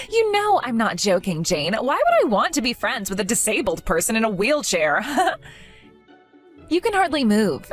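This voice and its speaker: A woman voicing a spiteful young woman who mocks and belittles a former friend, in an animated story. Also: mid-range voice. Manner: mocking, condescending.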